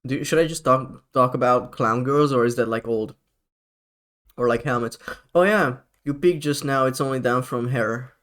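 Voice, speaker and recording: A man's voice: mid-range voice, moderate pace, a bit bright. A man streaming live, chatting casually in a rambling, profane way with frequent laughs.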